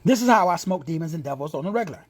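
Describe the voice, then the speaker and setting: Un predicatore texano dalla voce alta e molto mobile, un po' roca, che insegna con tono giocoso e gergale. Spesso abbassa la voce fino a un sussurro per i commenti a parte. La registrazione è secca, senza riverbero. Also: male voice, on the high side, expressive, very fast, no echo. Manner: playful and slangy, dropping into hushed whispers for asides. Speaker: preacher and teacher. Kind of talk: informal sermon teaching.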